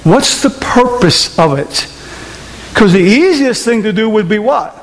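A man's voice: high-pitched, animated, measured pace, long reverb tail, slight background noise. A man preaching a conversational sermon in church, often asking the congregation rhetorical questions. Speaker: pastor. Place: church hall.

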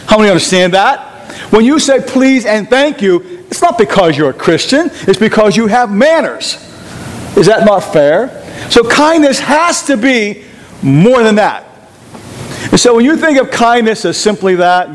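Man, pastor, emphatic preaching, questions the congregation, raised pitch, light background hiss. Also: very animated, unhurried, low-quality recording. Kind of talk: sermon.

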